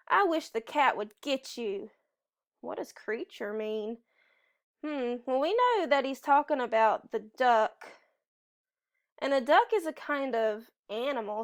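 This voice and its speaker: A woman teacher talks a class through a reading lesson, thinking aloud and trying each answer in the sentence. Her voice sits a little high. She reads slowly and carefully, with musing pauses.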